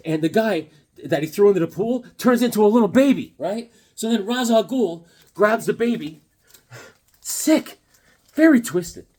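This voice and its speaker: A man's voice: high voice, lively intonation, moderate pace, darkish tone. A man in his fifties talking casually about comic books, rambling and joking with lots of filler words. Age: 50s. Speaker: comic book vlogger. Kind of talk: casual comic review vlog.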